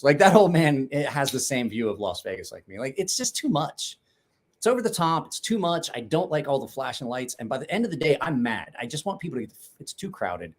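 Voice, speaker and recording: A middle-aged man hosting a casual livestream chat, blunt and rambling, swearing freely. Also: medium pitch. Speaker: knife-sharpening channel host.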